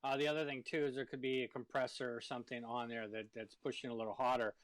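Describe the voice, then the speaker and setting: A man's voice: medium pitch, level tone, fast talker, dry recording. A man co-hosting a casual livestream chat from a remote call, easygoing and joking. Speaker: co-host.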